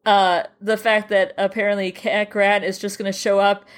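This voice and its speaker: A woman's voice: mid-range voice, little pitch movement, moderate pace. A woman co-hosting a podcast, chatting casually about a TV episode with a hesitant style full of restarts. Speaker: podcast co-host. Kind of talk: casual chat reviewing a TV episode.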